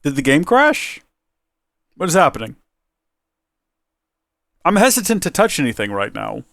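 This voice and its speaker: A man's voice: fairly high pitch, huge pitch swings, measured pace, gravelly, a bit bright, no echo, clean studio sound. A man hosting a casual gameplay video, talking in a rambling, self-deprecating and flustered way. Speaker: let's play host.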